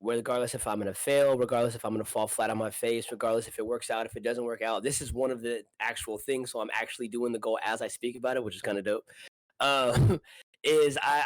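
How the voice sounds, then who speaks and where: A laid-back man chatting casually as a podcast co-host, slangy and quick to laugh. His voice sits in an ordinary middle pitch. The sound is close and dry, with no room around it. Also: dry recording, rough recording. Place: apartment.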